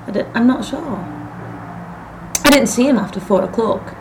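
A woman reading aloud, voicing a tired, drowsy old father who mumbles in a weary, low-key way. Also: moderate pace, noisy background, close to an everyday voice. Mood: hesitant.

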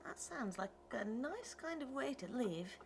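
A woman reading an audiobook, voicing a country woman gardener who answers in crisp, short replies. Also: a little high, very animated, unhurried, a little hiss or hum, voice pushed up, full character voice. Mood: curt. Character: guarded country woman gardener, grows eager.

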